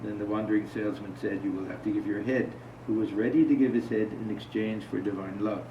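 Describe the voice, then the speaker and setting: His voice sits on the low side with a steady tone and a brisk pace, and there's slight background noise. Chatting with a small group in an informal spiritual talk, he tells stories and asks the audience questions. The recording feels distant, dull and roomy.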